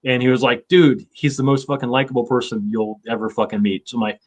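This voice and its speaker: A man's voice: mid-range voice, fairly even intonation, fast. A man in his fifties, hosting a casual chat, rambling with lots of fillers and swearing. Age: 50s. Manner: rambling, profane, with many fillers. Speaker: show host.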